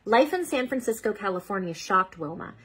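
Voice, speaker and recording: Woman, breathy husky voice, children's storytime reader, steady read-aloud, sounds out tricky words. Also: medium pitch, brisk, poor audio. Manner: reads steadily, stopping to sound out unfamiliar words. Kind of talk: reading a picture book aloud to children.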